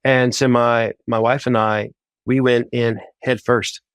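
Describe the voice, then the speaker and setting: A man telling his faith testimony in a casual, animated way. He often says "like" and acts out his own thoughts as quotes. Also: medium pitch, unhurried, smooth, dry recording. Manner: animated, full of "like" and quoted inner voices. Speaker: guest sharing a faith testimony. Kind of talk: casual storytelling.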